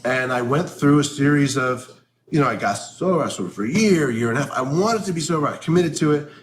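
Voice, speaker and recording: A man's voice: fairly high pitch, lively intonation, quick pace. A man giving a candid interview answer about recovery, blunt and salty with his language. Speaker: interview guest. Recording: roomy echo with faint background noise.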